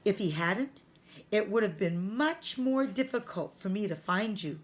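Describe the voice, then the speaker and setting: A woman's voice: medium pitch, animated, unhurried, lightly acted. A woman reading aloud, voicing a kind elderly man who sells flowers, friendly and chuckling. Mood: warm, amused. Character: elderly male flower seller, kind, foreign-sounding.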